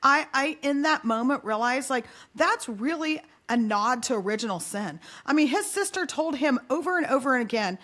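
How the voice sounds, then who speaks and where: A woman in her forties with a bright, forceful voice sitting slightly high. She tells a story with animated energy and slips into voices for each person in it. The talk stays conversational and unscripted. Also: moderate pace, hardly any pauses. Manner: lively, acts out the people in her stories; speaks of faith and parenting. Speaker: podcast guest.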